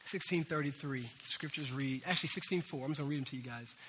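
A man preaching a sermon as a pastor, telling a story in an animated way that swings between loud bursts and hushed moments. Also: on the high side, quick pace, slight background noise. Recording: hall reverb.

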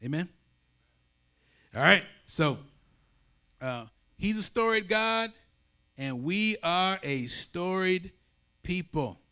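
Bright-voiced conversational male preacher. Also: sits high, slow, long pauses, clean tone. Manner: conversational, animated, acts out voices. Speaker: pastor. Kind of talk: sermon.

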